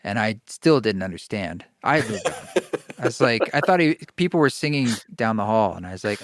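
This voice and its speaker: A man telling a personal story in casual conversation, animated, stammering and restarting often. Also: on the low side, moderate pace, no echo, studio quality. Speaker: podcast guest, kirtan musician.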